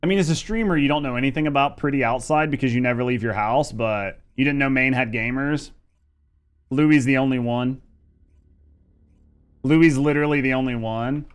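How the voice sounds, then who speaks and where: A man's voice: medium pitch, moderate pace, clear, resonant tone. Laid-back Midwestern man streaming games. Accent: Midwestern American. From Indiana. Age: over 30. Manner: laid-back, rambling, swears a lot. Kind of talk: casual live-stream chat.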